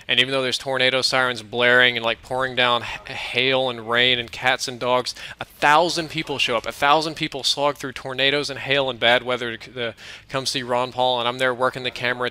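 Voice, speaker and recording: A man's voice: mid-range voice, sharp tone, clean tone. A young man from the American South telling a rambling, self-mocking story over gameplay in a casual commentary. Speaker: gaming commentator.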